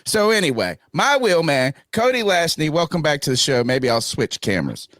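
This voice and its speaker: A man hosts a casual sports podcast over a video call. His voice sits high and lands dry and close. He talks in animated, emphatic bursts and pokes fun at himself. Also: normal speed, no echo. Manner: animated, emphatic, self-mocking. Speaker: podcast host. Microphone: video call webcam setup.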